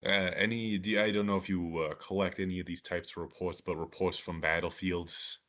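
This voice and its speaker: Man, tabletop player, deep voice, halting, lots of uhs. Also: level tone, a bit bright. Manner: hesitant, with many uhs and repeated words. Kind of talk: in-character tabletop talk.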